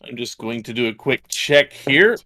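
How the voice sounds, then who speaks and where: A man from Yorkshire runs a tabletop session as game master, with a bright, forceful voice. He lays out scenes in detail and checks the rules aloud as he goes. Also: mid-range voice, animated, moderate pace.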